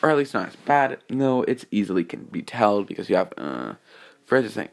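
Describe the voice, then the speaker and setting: A man's voice: fairly low pitch, sing-song, fairly quick, creaky. A man casually retelling a fan-made story, meandering and full of restarts and filler.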